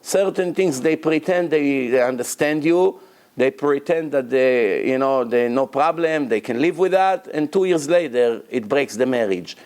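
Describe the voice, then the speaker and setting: A man's voice: mid-range voice, a little slow, smooth. A male rabbi giving a Torah lecture to a congregation, emphatic, repeating words for stress, with non-native grammar. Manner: breaks into loud acted shouting of prayers and quotes.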